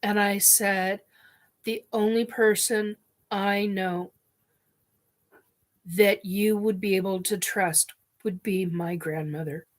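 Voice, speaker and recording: A woman vlogger telling a personal story in her living room, halting and tearful, breaking off as she cries. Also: mid-range voice. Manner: tearful, halting, with restarts and sniffs. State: crying.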